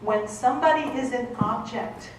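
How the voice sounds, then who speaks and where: A woman's voice: on the high side, moderate pace, distant mic, slight background noise. Boston woman lecturing in an echoey hall. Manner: emphatic, checks in with "okay?". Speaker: conference speaker. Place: conference hall.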